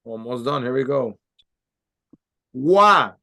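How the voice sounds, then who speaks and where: A man teaching a Spanish class, slowly sounding out letters and words for his students to repeat. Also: mid-range voice, lively intonation, sharp tone. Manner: slow, carefully sounds out letters and words for repetition. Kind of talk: classroom language lesson.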